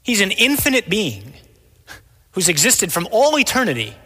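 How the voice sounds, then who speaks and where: A man's voice: high-pitched, huge pitch swings, moderate pace, pushed and bright, breathy edge. A man giving a sermon, asking questions and answering them himself with emphasis. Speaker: preacher. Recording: long reverb in a large hall.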